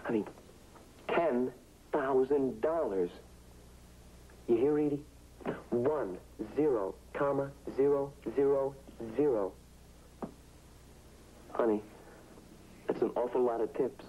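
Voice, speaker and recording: A man's voice: mid-range voice, takes it slowly, pauses often, a little hiss or hum, close to an everyday voice. An actor playing a man who was once a waiter, an eager, boastful dreamer who keeps coaxing and saying "I mean," in a 1960s TV drama. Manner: excited, wheedling, repeats "I mean". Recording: tinny old TV soundtrack.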